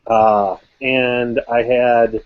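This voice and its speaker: A man's voice: mid-range voice, little pitch movement, very slow, no echo. Hesitant man on a dull call. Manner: hesitant, repeats words. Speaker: game master and host. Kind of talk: casual chat.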